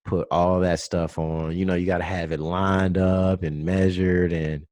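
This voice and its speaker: A man's voice: deep voice, level tone, unhurried, darkish tone, dry recording. A man hosting a casual group chat, joking and laughing often with his classmates. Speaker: podcast host.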